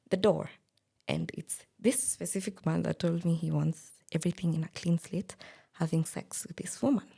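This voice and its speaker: A woman's voice: deep voice, creaky, dark tone, breathy edge. A woman, speaking candidly as a guest and telling a personal story in a podcast interview. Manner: candid, plain-spoken.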